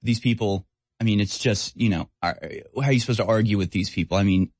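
A man's voice: lowish voice, fast, a little mellow, no echo. A man hosting a political talk radio show, speaking sarcastically and mocking the people he discusses. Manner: sarcastic, mocking, mimics voices.

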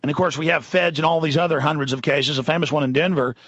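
A man's voice: a little high, steady tone, quick pace, fairly bright tone, dry recording, muffled recording. A man hosting a talk radio show, ranting indignantly and reading news items aloud in an impassioned monologue.

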